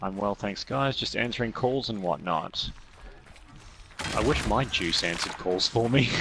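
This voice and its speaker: A man's voice: fairly low pitch, unhurried, background noise. An Australian man co-hosting a game stream, chatting and reading out viewer comments with jokes. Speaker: stream co-host and chat moderator. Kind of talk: casual gaming stream chat.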